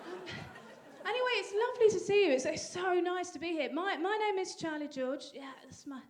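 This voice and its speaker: A young woman from England performing a stand-up comedy set with a dry, self-deprecating delivery and sudden high bursts. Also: brisk, a faint crowd. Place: comedy venue stage. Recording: live audience laughter.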